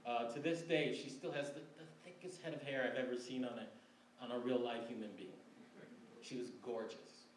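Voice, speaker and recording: Speaking at a middle pitch and moderate pace, this Michigan man in his forties shares a personal story before an audience in a library event room. His manner is relaxed, wry and conversational, and he laughs often between lines. The mic is distant, so the room echoes and faint room noise sits behind him.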